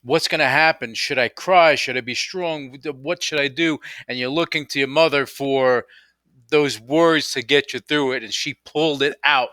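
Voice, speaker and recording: A man's voice: mid-range voice, moderate pace, bright, forceful tone, dry recording. A man hosting a radio interview, asking long, rambling, enthusiastic questions. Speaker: radio show host.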